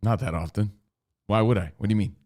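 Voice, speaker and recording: A man's voice: on the low side, quick pace, darkish tone. A man co-hosting a talk show, chatting in a laid-back, matter-of-fact way. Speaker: radio show co-host, parent. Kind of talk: casual banter.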